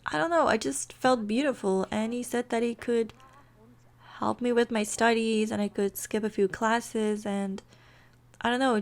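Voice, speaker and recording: Brief: a woman doing a nervous young woman, halting and stammering, wracked with guilt. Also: mid-range voice, close to an everyday voice. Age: young adult. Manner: stammering, hesitant. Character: guilty, anxious young woman confessing to her friend.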